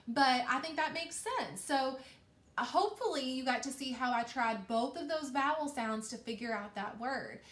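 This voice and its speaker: A woman teacher giving a recorded reading lesson to young children, talking slowly and encouragingly. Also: high voice, animated, fairly bright tone. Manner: slow, patient, encouraging teacher talk. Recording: echoey room.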